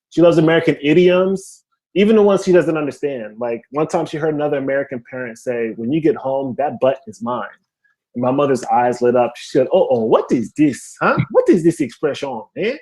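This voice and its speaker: A young man doing a stand-up comedy set over a video call, telling animated stories and laughing at his own jokes. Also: mid-range voice, a little fast. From family from Haiti.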